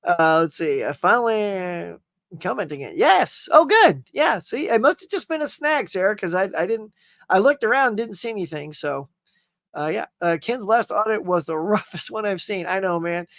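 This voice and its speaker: A man's voice: high-pitched, animated, normal speed, creaky, fairly bright tone, no echo, clean studio sound. A man hosting a casual live stream, rambling cheerfully, greeting viewers and reading their comments, often saying "y'all" and "man.".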